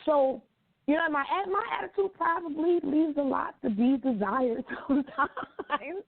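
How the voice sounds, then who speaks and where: A woman co-hosting a casual talk show, blunt and animated and swearing freely. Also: high-pitched, unhurried. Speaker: co-host. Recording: dry tinny phone-like sound.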